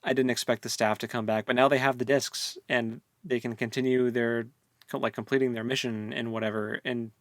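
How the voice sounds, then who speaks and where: A man's voice: medium pitch, level tone, brisk, no echo. Guy rambling casually on a book podcast, laughs a lot, dry close mic. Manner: rambling, chatty, laughs often. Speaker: podcast co-host.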